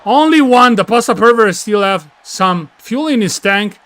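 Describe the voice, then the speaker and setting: A man calling a video game wrestling match with excitable, yelling play-by-play and slips in English grammar. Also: high-pitched, a little slow. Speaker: commentator and wrestler persona.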